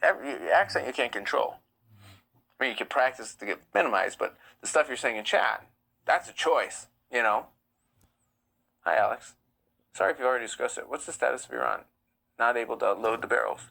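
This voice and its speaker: A man's voice: mid-range voice, lively intonation, a little fast, gravelly, long pauses, bright, forceful tone, poor audio. A man hosting a live stream, reading chat comments aloud and answering them bluntly. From United States. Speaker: livestream host.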